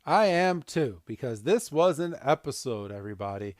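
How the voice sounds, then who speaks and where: A man's voice: mid-range voice, moderate pace, dry recording, studio quality. A man hosting a podcast, recapping a cartoon episode casually and acting out scenes. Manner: animated, acts out scenes. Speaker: podcast host.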